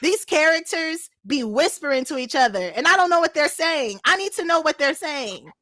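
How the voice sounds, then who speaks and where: Lively young woman chatting. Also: high voice, normal speed, dry recording, clean studio sound. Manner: animated, laughs often. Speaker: podcast co-host. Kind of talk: casual chat.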